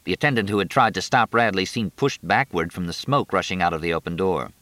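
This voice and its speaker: A man reading a novel aloud in a steady, measured narration. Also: deep voice, no room sound. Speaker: audiobook narrator. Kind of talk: scripted narration.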